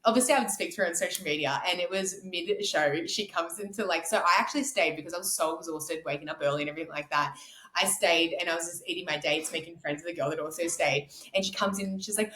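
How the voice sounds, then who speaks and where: A woman's voice: fairly low pitch, fast, a bit bright, reverberant, low-quality recording. A woman, a podcast guest telling her story in a gushing, emotional way. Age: 30s. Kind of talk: casual interview chat.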